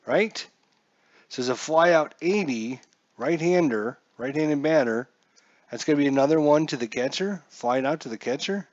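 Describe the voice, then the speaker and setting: A man's voice: a little high, moderate pace, no echo, dull audio. A man calling a solo tabletop dice baseball game in a casual play-by-play, chatty and jokey, talking to himself as he checks his charts.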